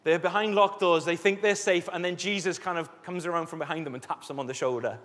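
A man preaching a sermon as a pastor, telling Bible stories in a lively way and acting out the scenes. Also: on the high side, fast. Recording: echoey hall reverb.

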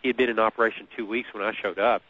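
A man telling a personal story in an easy conversational way. He is animated, often repeats words and laughs at his own story. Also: lowish voice, racing, dry recording. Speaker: guest. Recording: muffled lo-fi radio recording.

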